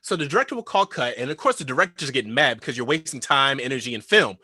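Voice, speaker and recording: A man co-hosting a casual chat show, telling an animated story and acting out what others said. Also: medium pitch, fast talker. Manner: animated storyteller, acts out quotes. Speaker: co-host.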